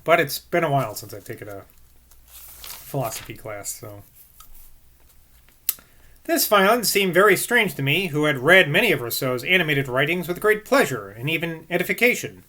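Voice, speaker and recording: A man's voice: fairly high pitch, bright, forceful tone. A man reading aloud from a classic book and breaking off to muse and second-guess himself between passages. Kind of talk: reading aloud with casual asides.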